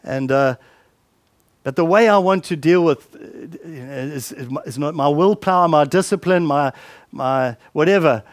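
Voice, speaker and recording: A man's voice: on the high side, a little slow, no echo, studio quality. A man preaching a conversational sermon, often repeating words and asking the listeners questions.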